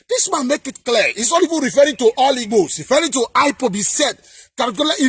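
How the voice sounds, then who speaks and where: A man delivering heated political commentary in a vlog, emphatic and sing-song, often breaking into shouts. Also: very high-pitched, husky, no echo.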